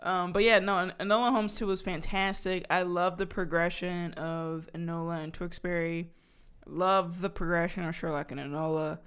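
A young woman co-hosting a casual podcast, chatty, full of fillers and quick laughs. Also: fairly low pitch, fairly even intonation, fairly bright tone, clean tone. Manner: chatty, laughs often, many fillers and restarts. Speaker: podcast co-host. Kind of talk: casual chat.

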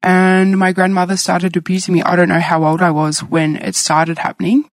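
This is a woman in her thirties with a gravelly, creaky edge to her voice, speaking as a guest in a candid, reflective way. She sits close to the mic in a dry room with no echo. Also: fairly low pitch, little pitch movement, moderate pace. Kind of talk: personal conversation.

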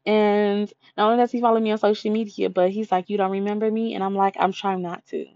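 A woman's voice: mid-range voice, level tone, fast, darkish tone, no echo, lo-fi sound. A young woman giving blunt, slangy relationship advice in a casual monologue, often acting out what people say. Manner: blunt, slangy, acts out quotes.

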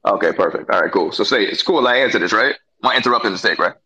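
A man's voice: fairly low pitch, lively intonation, fast, bright, forceful tone, low-quality recording. A man co-hosting a podcast in a casual sports debate, pressing the other speaker with pointed questions and slangy banter. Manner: pushy, cross-examining. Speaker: podcast co-host.

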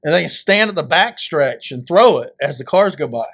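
Brief: male co-host, high-pitched, wisecracking, dry close recording. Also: lively intonation, normal speed, a bit bright, no echo. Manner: wisecracking, crude humor. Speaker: podcast co-host. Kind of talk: casual banter.

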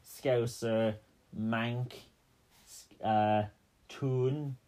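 A man of middle pitch co-hosting a casual podcast, recapping a film scene by scene. He rambles and jokes, filling his talk with "um"s and restarts. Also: fairly even intonation, very slow, warm tone. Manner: joking, rambling, full of fillers. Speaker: podcast co-host.

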